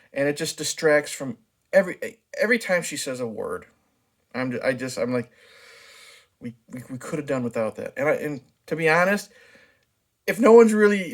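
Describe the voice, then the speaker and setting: A man's voice: mid-range voice, fairly bright tone. A man casually reviewing a movie, talking frankly and chatting loosely with plenty of restarts. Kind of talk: casual spoken film review.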